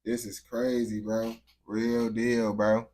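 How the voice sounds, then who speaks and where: A man's voice: fairly low pitch, little pitch movement, slow, darkish tone. A man giving casual, slangy reaction commentary, dropping "bro" and "gang" constantly and restarting his sentences. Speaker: reaction video host.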